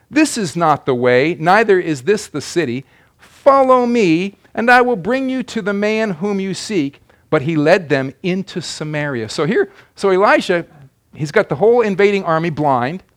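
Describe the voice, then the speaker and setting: A man preaching a sermon. He moves from loud, emphatic declarations to quiet asides. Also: high voice, animated, moderate pace. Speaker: pastor.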